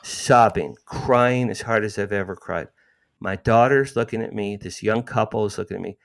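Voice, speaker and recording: Man, 60s, low-pitched interview guest; animated, emotional storyteller. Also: moderate pace, vocal fry. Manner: animated, emotional retelling with frequent restarts.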